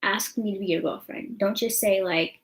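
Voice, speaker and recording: A young woman vlogger tells a story to her camera at a moderate pace and medium pitch. She is chatty and rambling, full of fillers like "you know what I'm saying." The audio quality is poor.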